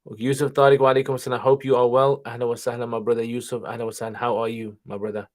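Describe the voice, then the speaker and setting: A man hosting a casual livestream Q&A while driving, reading viewer questions aloud and answering them in a relaxed, chatty way. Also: mid-range voice, very fast. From England. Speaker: channel host, Islamic teacher. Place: car, driving while streaming.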